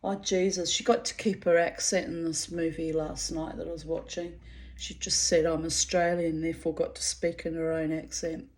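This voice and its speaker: A woman's voice: sits low, level tone, moderate pace, darkish tone. A middle-aged woman rambles through a personal monologue in a chatty, self-mocking way. She breaks into laughter often as she talks. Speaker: vlogger.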